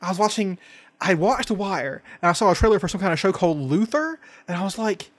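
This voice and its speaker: High-voiced man joking on a podcast. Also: lively intonation, fairly quick. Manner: joking, profane, rambling. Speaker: podcast co-host. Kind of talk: casual chat.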